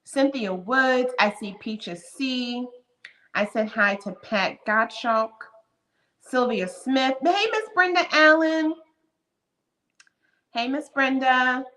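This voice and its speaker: A woman's voice: fairly high pitch, takes it slowly, fairly bright tone. A woman in her fifties hosting a live stream, chatting casually and greeting viewers one by one by name. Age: 50s. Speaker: livestream host.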